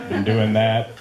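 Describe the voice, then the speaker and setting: A man in his late thirties doing a rambling stand-up comedy set in a club, laughing at his own jokes. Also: lowish voice. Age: 30s. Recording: echoey club with faint room noise.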